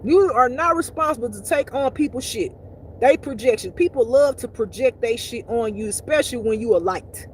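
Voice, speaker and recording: A woman's voice: a little high, normal speed, slight background noise. Blunt, profane woman spiritual teacher. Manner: blunt, profane, emphatic and animated. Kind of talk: casual spiritual talk.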